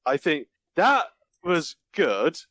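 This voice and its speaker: A man's voice: on the high side, very animated, takes it slowly, fairly bright tone, no room sound. A man chatting casually on a podcast, laughing often and acting out movie lines in mock voices. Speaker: podcast guest reviewing a film. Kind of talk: casual chat.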